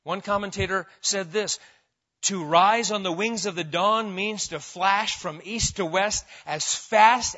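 Emphatic high-voiced preacher, lo-fi recording. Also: male voice, pushed and bright. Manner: emphatic preacher who asks the congregation questions. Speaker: pastor. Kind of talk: expository sermon.

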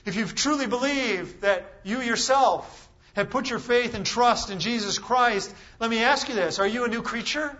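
A man delivers a sermon in a high, bright, forceful voice. He preaches with emphasis, asks the room rhetorical questions and leans on dramatic pauses. The recording is slightly dull and lo-fi.

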